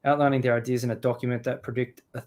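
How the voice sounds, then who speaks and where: A man hosting a live stream, ranting angrily with lots of swearing, swinging from loud outbursts to low muttering. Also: little pitch movement, racing. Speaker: show host. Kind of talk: profane live-stream rant.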